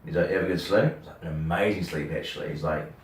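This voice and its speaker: A young man with a New Zealand accent, a radio host telling a story in casual chat, animated and acting out the dialogue, swearing freely. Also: low-pitched, racing. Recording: roomy sound from a distant mic.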